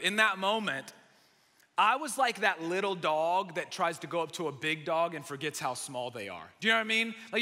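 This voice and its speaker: A young man preaching a sermon, telling a self-mocking story with lively, animated humor. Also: a little high. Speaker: pastor. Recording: long hall reverb.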